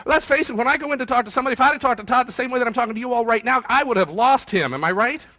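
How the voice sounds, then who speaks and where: A man giving an energetic, fast-paced motivational keynote talk to a room of people, often quizzing the audience. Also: very high-pitched. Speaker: keynote speaker.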